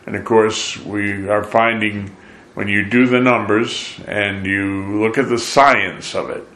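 A man's voice: fairly low pitch, fairly even intonation, takes it slowly, a bit bright, roomy sound. A man leading a sermon, singing scripture lines and then talking to his listeners in a conversational preaching manner. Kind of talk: sung worship then sermon.

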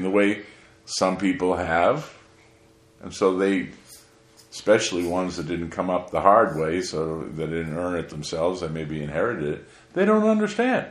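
A man's voice: deep voice, animated, unhurried, echoey room. A man preaching a sermon as pastor, asking his listeners rhetorical questions. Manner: asks the congregation rhetorical questions.

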